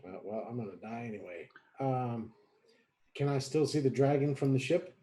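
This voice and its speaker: A man's voice: medium pitch, moderate pace, warm tone. A young man playing a tabletop game, talking in an easygoing way with dry, self-mocking humor. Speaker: player.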